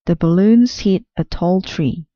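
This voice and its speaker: Slow, gentle woman reading a picture book aloud. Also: deep voice, dry recording, highs cut off. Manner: slow, careful, clear storytelling. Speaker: storyteller.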